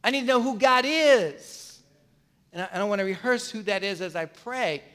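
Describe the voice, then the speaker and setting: A man's voice: sits high, lively intonation, normal speed, a bit bright. A middle-aged man preaching a sermon earnestly, often repeating phrases and restarting his words. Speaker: pastor.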